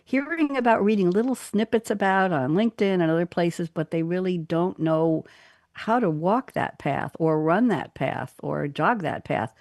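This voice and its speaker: A woman hosting a business talk radio show, animated and expressive as she reads out quotes. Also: lowish voice, normal speed, dry recording, studio quality. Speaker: host.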